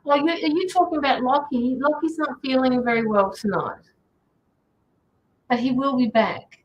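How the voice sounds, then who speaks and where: An Australian woman hosts a tarot livestream, chatting casually and greeting viewers as she reads out their comments. She has a high voice and a moderate pace, and the audio is dull.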